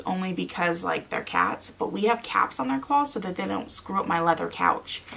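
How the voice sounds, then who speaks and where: Anxious woman with a gravelly low voice. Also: pushed and bright, slight background noise. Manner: anxious, tells a story of haunting with quoted reactions. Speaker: vlogger. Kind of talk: casual storytelling to camera.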